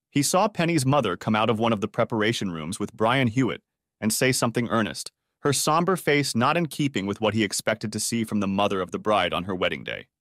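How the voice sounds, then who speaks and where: A man narrating an audiobook story in a steady, expressive storytelling manner. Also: mid-range voice, no room sound, studio quality.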